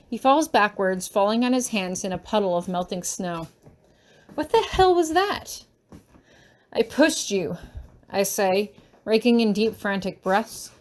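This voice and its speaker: A woman's voice: medium pitch, a little mellow. A woman reading a first-person fan story aloud, emotional and urgent, with a shaky voice in tense moments. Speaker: fanfiction reader.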